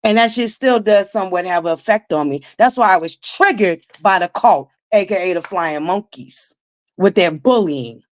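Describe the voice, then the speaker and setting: A woman in her forties with a naturally raspy voice, hosting a casual live-stream commentary, blunt and profane, talking straight to her viewers. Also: medium pitch, moderate pace. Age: 40s. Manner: blunt, profane, emphatic, addresses viewers directly. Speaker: livestream commentary host.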